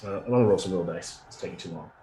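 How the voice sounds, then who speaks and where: A man's voice: sits low, very fast, mellow, faint music behind. A man narrating a tabletop game as game master, rambling with many fillers and frequent chuckles.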